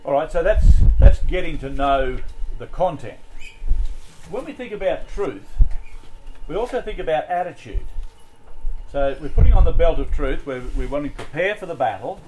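A man's voice: on the high side, expressive, moderate pace, a little mellow, a little hiss or hum, rough recording. A man leading a group Bible study, talking in a conversational way with many fillers and restarts.

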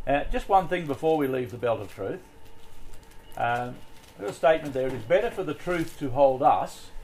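A man's voice: medium pitch, a little mellow, a little hiss or hum, low-quality recording. A man leading a group Bible study, talking in a conversational way with many fillers and restarts.

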